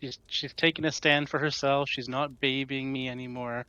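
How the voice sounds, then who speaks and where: A man's voice: medium pitch, flat delivery, moderate pace, sharp tone, clear, resonant tone, dull audio. A man playing a tabletop role-playing game, making wry remarks and describing his character's actions. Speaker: player.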